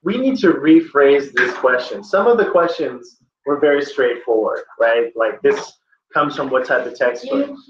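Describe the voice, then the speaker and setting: A man's voice: mid-range voice, very animated, a little slow, crowd noise. Man teaching in an echoey classroom. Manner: questioning, prompting students by name. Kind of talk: classroom test-prep lesson. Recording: echoey, dull classroom recording with faint noise.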